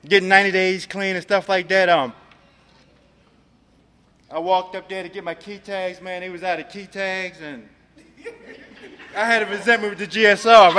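A man's voice: sits high, a little slow, long pauses, pushed and bright, in a large hall, slight background noise. A man from Maryland giving a personal recovery testimony, streetwise and profane, filling his talk with "man". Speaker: recovery speaker.

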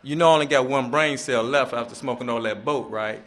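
A middle-aged man sharing his personal testimony at a recovery meeting, halting and earnest, often repeating words as he gathers his thoughts. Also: medium pitch, fairly bright tone.

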